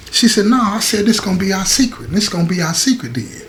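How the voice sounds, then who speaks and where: Animated man telling a jailhouse story. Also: fairly quick, few pauses. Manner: animated, acts out quotes with rising pitch, addresses listeners as y'all. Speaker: host telling prison stories. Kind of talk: casual storytelling monologue.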